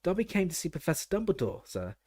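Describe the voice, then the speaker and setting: A man voicing an excitable male house elf who squeaks and calls himself by name in a storybook reading. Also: quick pace, no echo, clean studio sound. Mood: eager. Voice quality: squeaky, shrill. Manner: speaks of himself in third person, keeps saying sir.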